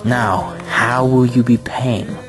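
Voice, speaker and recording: A man voicing a thin, pale hotel keeper with a formal, businesslike way of talking, over clear background music. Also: mid-range voice, steady tone, slow pace, natural voice. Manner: businesslike, polite and precise.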